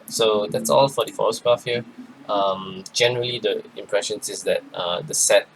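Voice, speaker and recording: A man giving a rambling, casual card game review, tired and yawning, with many pauses and restarts. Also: on the low side, steady tone, creaky, background noise. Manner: rambling, lots of ums and restarts. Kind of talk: casual commentary.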